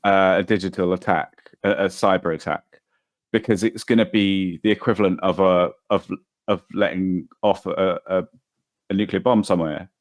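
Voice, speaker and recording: A man's voice: low-pitched, fairly even intonation, moderate pace. British man co-hosting, joking. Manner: joking, emphatic predictions. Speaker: podcast co-host. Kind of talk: casual chat.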